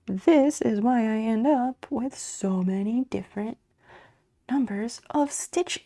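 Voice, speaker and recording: A woman's voice: on the high side, slow, dark tone. A woman streamer chatting casually with her viewers while she crochets, muttering and swearing under her breath as she works. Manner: chats back to viewers' messages.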